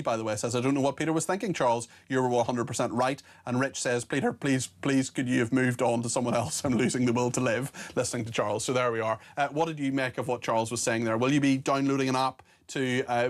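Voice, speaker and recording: Chatty male talk show host. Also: mid-range voice. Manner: chatty, wry, with frequent fillers. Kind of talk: talk show presenting, reading out viewer messages.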